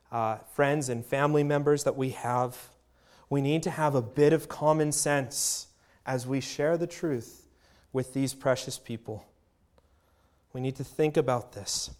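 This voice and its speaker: A male pastor delivers an earnest sermon to his congregation in a middle-range, slightly mellow voice. He relies on emphatic pauses and lets his volume rise and fall.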